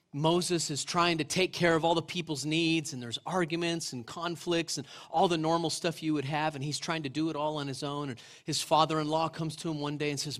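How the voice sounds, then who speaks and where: A middle-aged male pastor giving a sermon in a church, retelling scripture as lively storytelling and asking the congregation questions. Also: a little high. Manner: conversational, asks the congregation questions. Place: church sanctuary.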